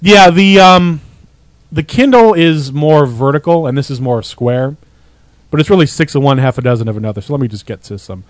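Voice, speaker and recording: A man's voice: fairly high pitch, brisk, no echo. A man co-hosting a podcast in casual chat, joking and explaining things at length. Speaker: podcast co-host.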